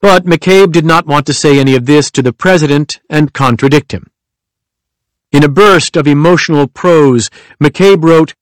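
A man giving a measured, even nonfiction audiobook narration. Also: on the high side, no room sound.

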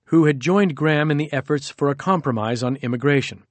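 A man narrating a nonfiction audiobook in a measured, steady reading. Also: fairly high pitch, dry recording.

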